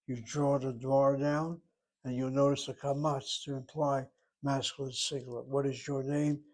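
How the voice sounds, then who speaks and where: A man teaching a Hebrew grammar lesson, sounding out words slowly and repeating them for his students. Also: medium pitch, level tone, low-quality recording.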